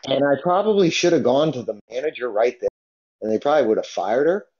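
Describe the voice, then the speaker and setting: A man's voice: mid-range voice, lively intonation, quick pace, darkish tone. A man co-hosting a casual podcast, rambling with restarts and repeated phrases. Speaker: podcast co-host. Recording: dull lo-fi podcast recording.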